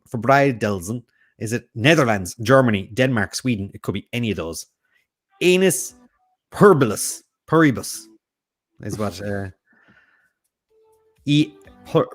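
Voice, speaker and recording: A man's voice: lowish voice, measured pace, long pauses, soft background music. A man hosting a casual quiz, reading out questions and answer options and riffing on them with jokes. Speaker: quiz host.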